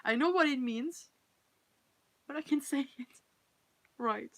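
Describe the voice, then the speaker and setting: A woman's voice: high voice, a bit bright, no room sound, low-quality recording. French-accented woman reading fan fiction aloud. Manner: reads aloud, pauses to chat and laugh at her stumbles. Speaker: live-stream fan-fiction reader.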